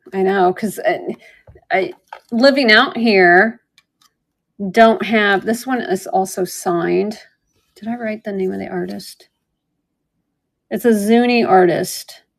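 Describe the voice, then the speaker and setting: Woman host of a live jewelry sale, casual and rambling, slight vocal fry. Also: mid-range voice. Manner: chatty, rambling storytelling with fillers. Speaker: online jewelry seller.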